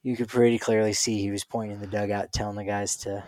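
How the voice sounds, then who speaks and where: A man's voice: lowish voice, level tone, quick pace, darkish tone, no room sound. A man co-hosting a podcast, chatting casually and telling stories with playful quoted voices. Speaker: podcast co-host. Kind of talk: casual chat.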